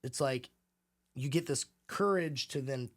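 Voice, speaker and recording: A man's voice: medium pitch, measured pace. A young man, a podcast guest, telling stories casually, swearing and acting out quoted voices. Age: young adult. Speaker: podcast guest, real estate team leader. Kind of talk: casual conversational storytelling.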